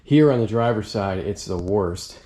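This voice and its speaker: A man's voice: fairly low pitch, expressive, normal speed, warm tone. Young dude vlogging in his garage, chill, stoked slang, camera mic. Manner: enthusiastic, laid-back slang. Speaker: car modding vlogger. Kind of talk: casual garage vlog.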